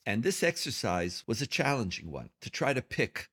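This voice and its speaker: A man from Israel speaks in a thoughtful, conversational way, with a lively voice that rises and falls a lot. He breaks into short laughs between his remarks. His pitch sits in the middle for a man. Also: normal speed, slightly rough. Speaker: podcast co-host. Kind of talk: reflective conversation.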